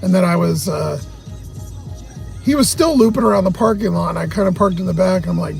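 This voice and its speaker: A man's voice: high-pitched, a little fast, gravelly, a little mellow, soft background music. A man hosting a livestream, telling a long, agitated story full of swearing. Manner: profane, agitated, heavy cursing. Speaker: livestream host. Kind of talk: casual storytelling rant.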